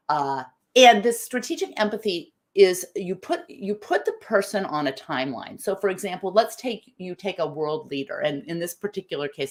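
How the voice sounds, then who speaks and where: Woman, middle-aged, live-stream host, lowish voice, restarts phrases. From United States. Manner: thinks aloud, restarts phrases, reads viewer comments. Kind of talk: live-stream talk reading comments.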